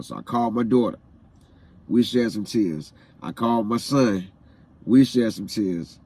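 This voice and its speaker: A man's voice: mid-range voice, darkish tone. A man vlogging a personal story, retelling a painful day in an emotional, repetitive way. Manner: repetitive, heartfelt retelling with phrases said again and again; emotional, grieving.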